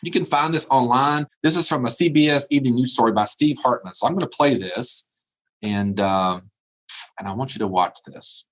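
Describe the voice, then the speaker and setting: At a moderate pace and in a mid-range voice, a man delivers a motivational keynote via remote video call. He is preachy and emphatic, repeating his phrases.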